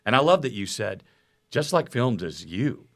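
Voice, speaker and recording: A man's voice: fairly low pitch, big pitch swings, normal speed. A man from Southern California hosting an interview, joking and mimicking voices. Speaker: host. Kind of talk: casual interview chat.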